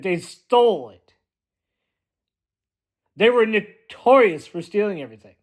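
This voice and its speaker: A man delivering a blunt, emphatic ranting monologue as a vlogger, often repeating himself for force. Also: sits high.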